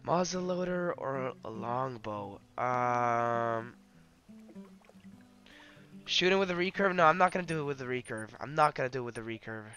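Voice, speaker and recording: A man streams a hunting game and talks his viewers through every move. His voice is bright and forward, and his talk runs eager and rambling. Soft music plays faintly behind him. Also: mid-range voice, moderate pace. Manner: excitable, yelling in bursts then whispering to prey. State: hyped and emotional. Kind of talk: live gaming commentary.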